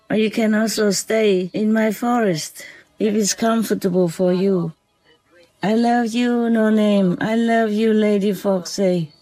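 Slow, gentle, soft-spoken speaker. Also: medium pitch, dry recording, low-quality recording. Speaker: vlogger speaking to a visiting fox spirit. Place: outdoors at night by a forest.

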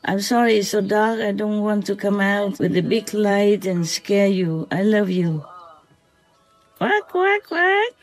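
A spiritual vlogger speaking gently at night to an unseen animal, softly giving blessings and often asking "okay?", then calmly recounting their day. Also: mid-range voice, faint music behind, poor audio. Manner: soft, slow, affectionate blessings with repeated "okay?".

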